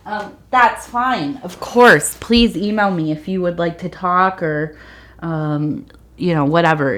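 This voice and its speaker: A woman giving a soft-spoken ASMR tea leaf reading, meandering with fillers and sometimes dropping to a whisper. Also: on the low side.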